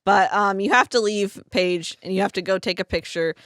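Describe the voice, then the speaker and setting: A woman's voice: medium pitch, normal speed, no echo, clean studio sound. A young woman co-hosting a podcast, casually and animatedly retelling a video game scene. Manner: animated storyteller, acts out scenes with voices. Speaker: podcast co-host.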